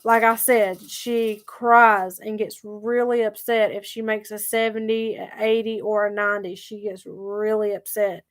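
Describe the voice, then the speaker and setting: A woman's voice: medium pitch, little pitch movement, unhurried, few pauses. A woman telling a story to her viewers in a chatty, emphatic way that circles back over the same points. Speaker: vlogger. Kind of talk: casual storytelling vlog.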